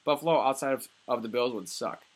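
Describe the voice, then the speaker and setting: A young man in his early twenties co-hosts a casual sports podcast. He talks loosely, swears freely, and pads his sentences with hesitant fillers. His pitch sits in an ordinary middle range. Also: fast talker. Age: early 20s. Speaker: podcast co-host.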